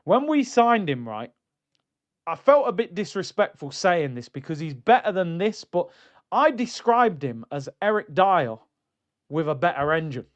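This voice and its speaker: Animated man on a fan stream. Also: a little slow, dull audio. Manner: animated, mocking, jumps into high exclaims. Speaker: football fan channel host reading viewer comments. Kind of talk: casual live-stream rant.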